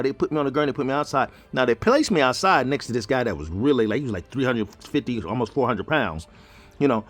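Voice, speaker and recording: Male host, casual storyteller, husky voice, lively pitch, jokey asides. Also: fast talker, faint music behind. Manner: animated, joking, conversational. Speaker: show host telling his story.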